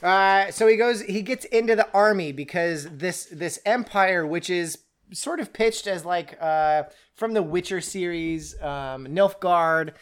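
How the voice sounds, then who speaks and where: A co-host in casual book talk, rambling and animated, breaking off mid-sentence and starting again. The voice sits in a middle range, neither high nor low. Jokes and quoted asides run through the chat. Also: measured pace, clean tone. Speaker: podcast co-host reviewing a book.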